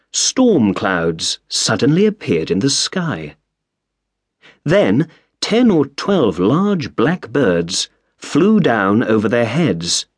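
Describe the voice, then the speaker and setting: Slow, expressive storybook narrator man. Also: medium pitch, husky, no room sound, studio quality. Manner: measured, expressive. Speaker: audiobook narrator.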